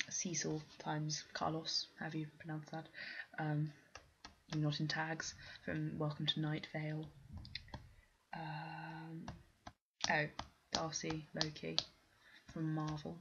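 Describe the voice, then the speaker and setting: A young woman with a posh English accent and a low voice rambles through a vlog question list, self-deprecating and full of ums. The audio is dull and lo-fi with a faint hiss underneath. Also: gravelly. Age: young adult. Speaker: vlogger doing an accent challenge. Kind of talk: casual chat answering a question list.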